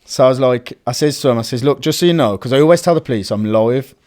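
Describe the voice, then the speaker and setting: A man, a guest telling casual, animated stories and acting out the voices of people he quotes. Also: medium pitch, fast talker. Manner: animated, acts out quoted voices, frequent swearing. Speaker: urban explorer guest. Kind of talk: casual storytelling chat.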